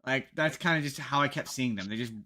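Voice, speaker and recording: Canadian guy on a podcast, bright tense voice, rambly and jokey. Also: medium pitch, a little fast. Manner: rambling, jokey, many restarts. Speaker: podcast co-host. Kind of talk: casual podcast chat.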